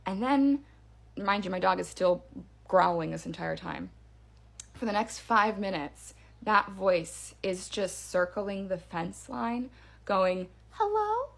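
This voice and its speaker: Hushed woman telling a spooky story. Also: medium pitch, gravelly. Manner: hushed, dramatic, with many fillers. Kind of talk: casual storytime.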